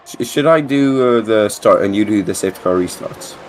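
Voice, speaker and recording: A man commentating a live sim race, excitable and chatty with casual swearing. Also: lowish voice, brisk, slight background noise.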